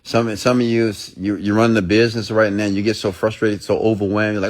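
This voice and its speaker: Preachy, emphatic lower-pitched man. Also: little pitch movement, brisk. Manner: preachy, emphatic, mimics listeners in high voices. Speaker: motivational speaker. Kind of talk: motivational monologue.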